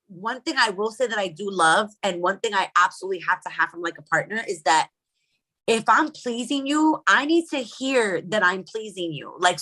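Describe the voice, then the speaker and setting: Loud, bright-voiced woman chatting. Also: fairly high pitch. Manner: loud, laughing, exclamatory. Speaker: podcast co-host. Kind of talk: casual chat.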